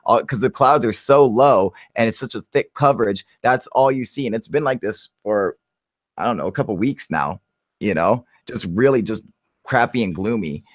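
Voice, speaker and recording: A man hosting a casual live chat, excitable and profane, calling everyone dude as he tells a story. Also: fairly low pitch, normal speed, no echo, clean studio sound. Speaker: channel host on a livestream.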